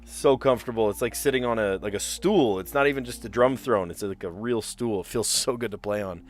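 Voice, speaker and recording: A man's voice: fairly low pitch, a little fast, slight background noise. A man live-streaming word puzzles, thinking aloud as he mutters guesses and chats with viewers. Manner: chatty with viewers.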